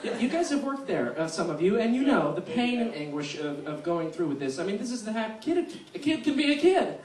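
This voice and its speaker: A man's voice: high-pitched, brisk, a crowd in the background. A man doing a sarcastic stand-up comedy set, telling stories in a small theater with a live audience. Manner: sarcastic, animated storytelling. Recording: echoey room from far off, faint noise.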